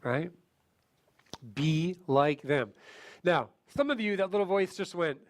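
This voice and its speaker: A man's voice: on the high side, moderate pace. A man leading a sales training seminar. He keeps asking the audience questions and acts out other people's voices to show his points.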